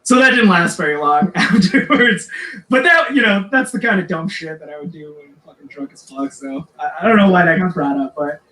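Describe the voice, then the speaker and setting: A metal singer tells a story on a podcast, swearing constantly. He talks in a high, bright voice. It rings out in an echoey room. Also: a little fast. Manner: profane, rambling, animated. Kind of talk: casual storytelling chat.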